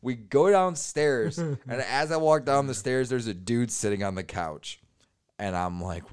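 A man's voice: mid-range voice, normal speed, clean tone. A man in his twenties on a podcast, telling a crude story in a casual way, laughing and acting out the other people in it.

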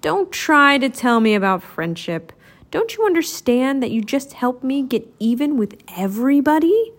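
Young boy figure, woman voicing, defiant, higher-pitched, loud outbursts. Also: very animated, normal speed, heavily acted. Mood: sneering. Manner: shouting, sneering.

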